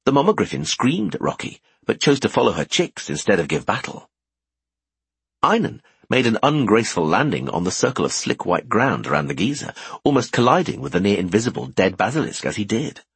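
Male audiobook narrator, low and breathy, very lively delivery. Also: a little fast, no room sound. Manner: expressive, animated. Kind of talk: scripted fantasy narration.

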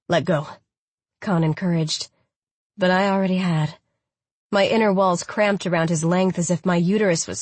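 A woman reading a first-person audiobook in a smooth, even way with breathy, intimate touches. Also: on the low side, no echo. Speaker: audiobook narrator.

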